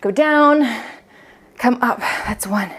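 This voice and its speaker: Slightly rough and fairly high in pitch, this young coach's voice moves slowly as she guides a home workout. She's breathless, chatting between counting reps and laughing frequently.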